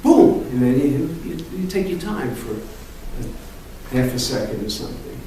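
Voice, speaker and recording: Animated man coaching from across an echoey room. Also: a little slow, slight background noise. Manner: animated, profane, punchy with "boom". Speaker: acting coach. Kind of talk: improv acting class. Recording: echoey room from far off, faint ambience.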